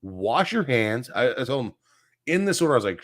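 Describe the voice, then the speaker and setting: A man co-hosting a casual sports talk show, telling profane, animated stories as a Cub fan. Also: medium pitch, brisk.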